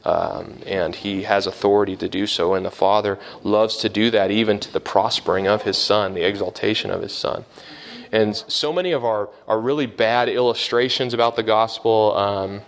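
Earnest, lower-voiced male preacher. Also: steady tone, normal speed, creaky. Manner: earnest, explanatory, with frequent fillers and restarts. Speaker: preacher teaching scripture. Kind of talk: conversational sermon on a Bible passage.

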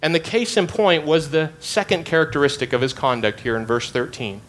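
A man preaching an expository sermon with a fairly high voice. He talks emphatically and circles back on his phrases to drive each point home. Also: brisk, fairly bright tone.

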